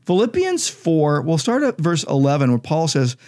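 Man, pastor co-hosting a podcast, warm mellow tone, emphatic scripture teaching. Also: a little high, huge pitch swings, moderate pace. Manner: emphatic, explanatory, reads scripture aloud. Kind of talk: conversational Bible teaching.

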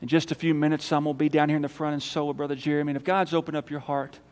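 A man preaching a sermon as pastor, emphatic, swinging between loud calls and quiet appeals. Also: on the high side, little pitch movement, racing. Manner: emphatic, rising to loud calls then dropping soft for prayer. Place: church sanctuary. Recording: church hall reverb.

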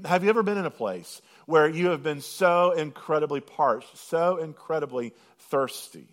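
A man preaching a sermon, swinging from loud, drawn-out proclamation to hushed intensity and slowing right down on scripture lines. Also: fairly high pitch, lively intonation. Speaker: pastor.

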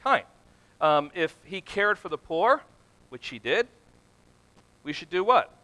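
A man preaching a sermon, asking the congregation questions and growing louder and more emphatic as he goes. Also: sits high, sing-song, slow, poor audio. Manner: asks the congregation questions and answers them; builds from quiet to loud and emphatic.

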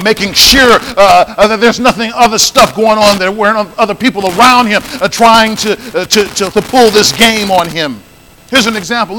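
High, slow-preaching pastor in a reverberant hall. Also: male voice, pushed and bright, a little hiss or hum. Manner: emphatic preaching with repeated phrases and audience call-outs. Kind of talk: sermon.

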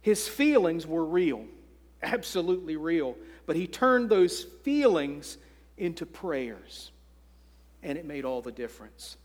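High-voiced man preaching slowly. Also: big pitch swings, big-room sound. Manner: earnest preaching, slow deliberate phrasing. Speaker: pastor. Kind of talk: sermon.

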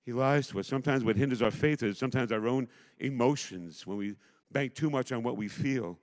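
A man's voice: mid-range voice, a little fast. Emphatic middle-aged male pastor preaching. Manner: emphatic, swings between loud declarations and hushed asides. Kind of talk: impassioned sermon. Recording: long hall reverb.

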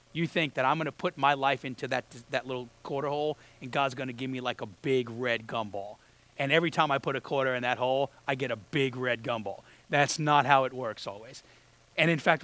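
A man's voice: medium pitch, fairly bright tone. A man preaching a conversational sermon as a pastor, acting out the voices he quotes.

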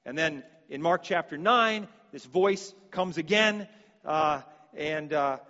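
A man's voice: on the high side, slow, bright, forceful tone, in a large hall, muffled recording. A man preaching a sermon, earnest and given to repeating words as he restarts his sentences.

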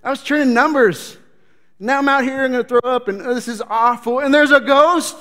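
A man's voice: very high voice, brisk, bright, forceful tone, voice pushed up. A man voicing a panicky, seasick male disciple who wails and complains in a frantic, whiny way. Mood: panicked.

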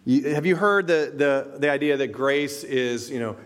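A man's voice: medium pitch, moderate pace, hardly any pauses. Conversational man preaching in a reverberant hall. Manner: conversational, animated, acts out inner voices. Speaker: pastor. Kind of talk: sermon.

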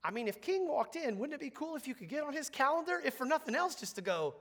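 Male pastor, higher-pitched, lively swooping delivery, casual preaching that asks the room to answer back. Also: fast talker, few pauses. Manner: animated, conversational preaching with congregation call-and-response. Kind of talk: sermon.

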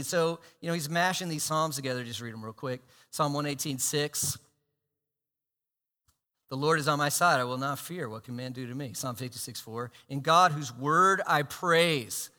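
A man preaching a sermon as pastor, animated, swinging between loud emphasis and hushed asides. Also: a little high. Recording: long hall reverb.

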